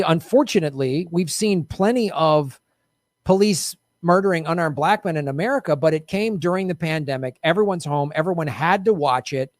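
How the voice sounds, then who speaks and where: A man's voice: high voice, dry recording, clean studio sound. A middle-aged man hosting a casual political commentary show, heated and sarcastic, swearing freely.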